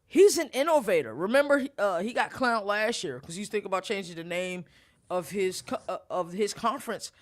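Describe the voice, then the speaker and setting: A young man hosting a casual college sports talk show, animated and rambling, with lots of shout-outs. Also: high voice, fairly quick. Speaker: podcast host.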